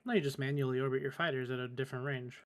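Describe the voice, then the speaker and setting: A man's voice: medium pitch, steady tone, very fast. Man answering confidently in chat. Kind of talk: casual gaming chat.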